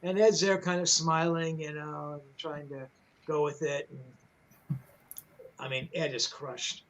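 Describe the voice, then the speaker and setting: An older man telling a backstage story in loose, meandering conversation, with plenty of cursing and false starts. His voice sits a little above the usual male pitch. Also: steady tone, takes it slowly, a bit bright, poor audio. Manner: rambling, profane, many fillers and restarts. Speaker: rock journalist telling a story. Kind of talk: casual storytelling on a livestream.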